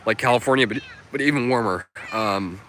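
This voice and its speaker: A man's voice: medium pitch, fairly quick, a bit bright, a little hiss or hum. A man hosting a casual outdoor livestream, answering viewer comments in an upbeat, chatty way with plenty of fillers. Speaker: livestream host. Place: outdoors on a sunny coast.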